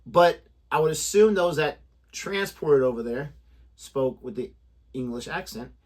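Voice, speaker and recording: A man's voice: a little high, expressive, unhurried, darkish tone. A young man co-hosting a reaction video, chatting casually, joking and laughing often. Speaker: reaction channel co-host.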